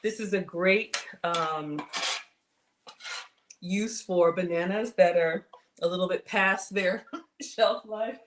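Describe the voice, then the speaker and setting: Speaking slowly with long pauses in a lowish voice, a Southern US woman hosts a casual cooking livestream from her home kitchen. She chats with viewers and is self-deprecating, with background noise behind her.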